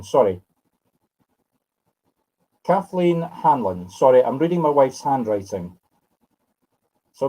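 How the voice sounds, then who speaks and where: In a rough recording, a medium from Scotland, aged in his fifties, delivers live spiritual readings, addressing sitters by name while he muses and corrects himself. His voice is mellow and fairly high.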